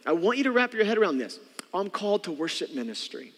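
A man delivers a sermon from the pulpit. His voice sits high and swings widely, and he keeps calling for answers from the congregation. A long reverb from the church hall trails behind his words. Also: fast talker. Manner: animated, acts out voices, calls for audience response. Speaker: pastor. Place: church sanctuary.

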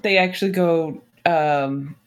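A podcast co-host in casual chat, blunt and quick to correct others, swearing freely. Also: mid-range voice, clean tone.

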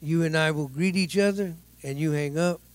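A man voicing a stern, middle-aged male police officer who speaks slow, measured, broken English. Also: a little high, no echo, lightly acted. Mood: matter-of-fact.

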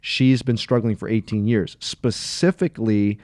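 A man's voice: on the low side, moderate pace, darkish tone, no room sound, clean studio sound. A man co-hosting a casual Bible discussion, retelling a passage in an earnest, rambling way with many self-corrections. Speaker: podcast co-host.

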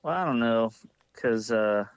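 A man's voice: medium pitch, measured pace, clean tone, no echo. Laid-back man in a dry room. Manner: relaxed, short replies, swears casually. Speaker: podcast co-host. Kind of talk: casual movie review chat.

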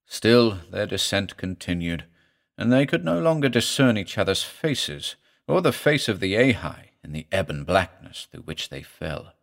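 Man narrating a weird tale in a low voice. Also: big pitch swings, unhurried, gravelly. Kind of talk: scripted audiobook narration.

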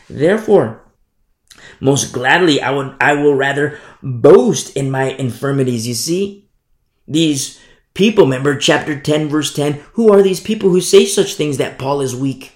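A man's voice: a little high, moderate pace, reverberant. A man preaching a sermon in an emphatic way, repeating scripture lines for stress.

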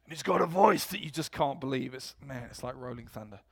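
A man's voice: medium pitch, fairly quick, gravelly, husky. A man preaching a sermon in a church, telling stories and acting out quotes with energy. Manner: storytelling, animated quotes.

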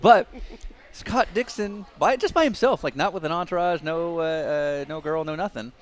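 A man co-hosting a podcast, telling anecdotes in an animated way. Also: fairly high pitch, moderate pace. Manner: animated, storytelling with laughs. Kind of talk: casual podcast chat.

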